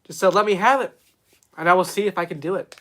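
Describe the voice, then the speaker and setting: A man's voice: sits high, fast talker, pushed and bright. A man hosting a casual live stream about movies, rambling with many fillers and reading chat questions aloud. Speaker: streamer host.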